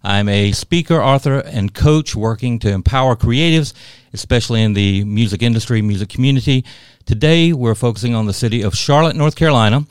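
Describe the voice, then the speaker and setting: A man's voice: medium pitch, fairly quick, clean tone, dry recording. A man hosting a casual studio interview, effusive and full of compliments for his guest. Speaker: podcast host and interviewer.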